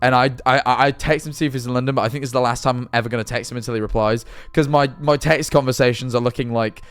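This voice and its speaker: A man's voice: medium pitch, fairly even intonation, clear, resonant tone, no room sound. A man chatting casually on his livestream, rambling and swearing freely as he reads chat and jumps between topics. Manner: rambling, sweary, jumpy and quick to laugh. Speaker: streamer.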